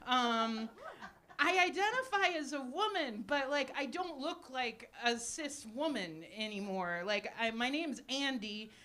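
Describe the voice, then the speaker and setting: A woman in her forties doing a live stand-up set with crowd work, deadpan and self-deprecating, with lots of ums and little laughs. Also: high-pitched, a little slow. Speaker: stand-up comedian. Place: small cafe stage with live audience. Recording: noisy live cafe recording.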